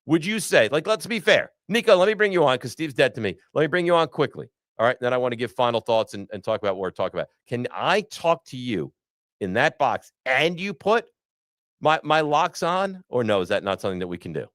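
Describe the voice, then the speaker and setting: A man's voice: medium pitch, big pitch swings, fairly quick, a bit bright, no echo, clean studio sound. A man hosting a sports podcast, ranting bluntly and with frustration about his team. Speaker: podcast host. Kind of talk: sports talk.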